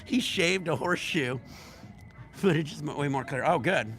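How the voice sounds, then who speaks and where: A man's voice: on the high side, normal speed, fairly bright tone. A man hosting a casual livestream, telling rambling, profane stories at a resort bar. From United States. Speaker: livestream host.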